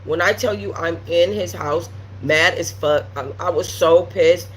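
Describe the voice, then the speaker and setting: A woman's voice: on the low side, a little slow, a little hiss or hum. A woman hosting a casual livestream, telling a story bluntly and with plenty of profanity while talking straight to her viewers and reading their chat. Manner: talks straight to viewers with many asides.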